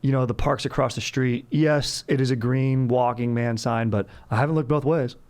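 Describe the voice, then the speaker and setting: A man hosting a casual comedy podcast, joking and reading ads in an animated, playful way. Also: mid-range voice, moderate pace. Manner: animated, jokey, swings into loud bits. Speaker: podcast host. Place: Los Angeles.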